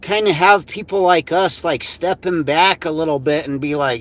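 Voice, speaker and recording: A man's voice: a little high, fairly even intonation, normal speed, hardly any pauses, fairly bright tone. A man co-hosting a livestream, talking casually and exasperatedly, swearing constantly and filling his talk with "like". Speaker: livestream co-host. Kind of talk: casual profane commentary.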